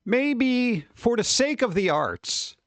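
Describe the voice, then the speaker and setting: A man's voice: very high voice, very animated, slow pace, no room sound. A man hosting a stream, chatting casually in a rambling way, with some swearing and chuckles. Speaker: streamer host. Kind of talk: casual chat.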